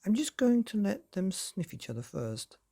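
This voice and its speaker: A prim, gushing middle-aged mother from a bedtime storybook, put on by a man narrator. She talks in a high, fussy, effusive way. The husky, gravelly grain of the voice stays underneath. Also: big pitch swings, moderate pace, dark tone, heavily acted.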